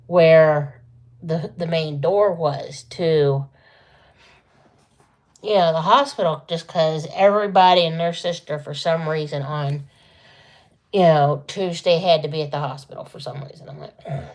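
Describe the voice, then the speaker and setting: Casting: woman vlogger, lowish voice, rambling chatty storyteller, lots of asides. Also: steady tone, a little slow, darkish tone. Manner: rambling, chatty, full of asides and self-corrections. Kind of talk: casual storytelling to camera.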